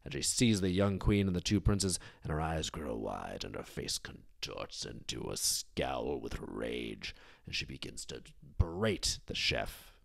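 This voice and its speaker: A man hosting a storytelling show, narrating a dark tale casually with wry, digressive asides. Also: rumbling low, lively intonation, a little slow, vocal fry, no room sound, studio quality. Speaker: storyteller host.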